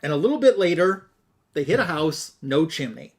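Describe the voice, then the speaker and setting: Guy on a podcast going through an old holiday comic, kinda higher voice, chatty and amused, tosses in little quoted bits. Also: sing-song, moderate pace. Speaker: podcast host. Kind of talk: casual retelling of a comic story.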